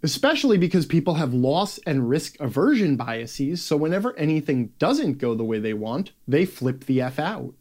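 Sarcastic, ranting man with a lively voice. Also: a little high, normal speed, hardly any pauses. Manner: sarcastic, profane, swinging between exasperated outbursts and mutters. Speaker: game design columnist reading his column aloud. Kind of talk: ranting read-aloud of a written column.

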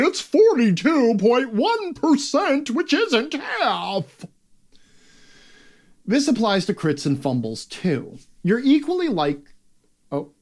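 Sarcastic and full of swearing, a man with a slightly high voice rants through a reading of his own written game design column. He lurches back and forth between shouting and mumbling under his breath.

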